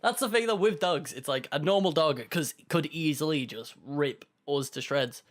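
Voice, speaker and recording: A man's voice: a little high, normal speed. A man co-hosting a podcast, chatting in an easygoing, rambling way. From United Kingdom. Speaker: podcast co-host. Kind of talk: casual chat.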